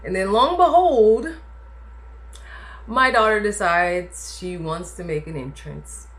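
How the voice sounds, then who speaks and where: A woman's voice: mid-range voice, takes it slowly, fairly bright tone. A woman casually telling a personal story to camera, chatty and emphatic, often adding "like" and "okay?". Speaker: vlogger telling her birth story.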